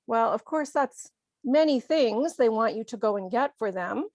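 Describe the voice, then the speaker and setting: Slow, clear woman teaching English. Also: on the high side, expressive, no room sound. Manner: clear, deliberate explanations with acted examples. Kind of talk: slow, careful ESL lesson.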